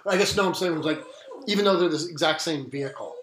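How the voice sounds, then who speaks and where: A man's voice: a little high, fast, a bit bright. A man hosting a podcast in casual chat, asking curious follow-up questions. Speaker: podcast host. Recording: roomy echo.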